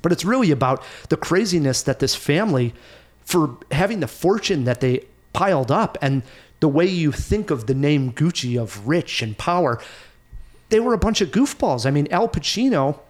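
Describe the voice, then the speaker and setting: A man hosting a casual film review podcast, animated and laughing often as he recounts scenes. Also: medium pitch. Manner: animated, laughs often, mimics actors' voices. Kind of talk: casual movie review chat.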